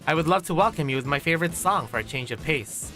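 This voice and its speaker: A man reading the lines of a polite, glitchy robotic vault management system in a formal, measured way. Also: a little high, expressive, pushed and bright, soft background music.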